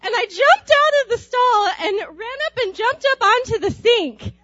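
A young woman telling a personal anecdote aloud in an animated way, laughing often and acting out screams. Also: extremely high pitch, a little slow, dry recording, shouting, muffled recording. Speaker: storyteller.

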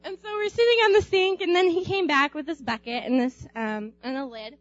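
A young woman with a high voice tells a personal story in a lively, animated way, laughing as she goes and acting out screams. The recording is dry and slightly muffled, with faint music underneath. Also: fairly quick, no room sound. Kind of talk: personal anecdote told aloud.

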